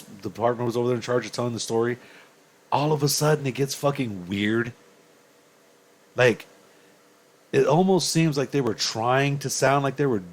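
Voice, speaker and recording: A young man, ranting angrily to his viewers with profanity and rhetorical questions. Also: mid-range voice. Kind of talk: heated opinion rant.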